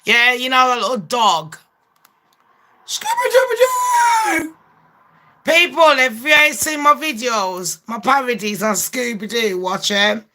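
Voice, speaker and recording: A woman's voice: a little high, normal speed, few pauses, pushed and bright. A woman ranting in a casual gossip vlog, brash and full of swearing, laughing often. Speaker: gossip vlogger.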